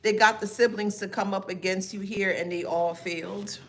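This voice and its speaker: A woman's voice: medium pitch, fairly even intonation, normal speed. A woman doing a live tarot reading who talks to her chat in a sassy, emphatic way and laughs often. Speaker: tarot reader.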